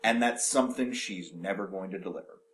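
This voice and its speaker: A man co-hosting a podcast, talking in an animated, rambling way with casual swearing. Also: deep voice, a little fast, a little hiss or hum. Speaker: podcast co-host.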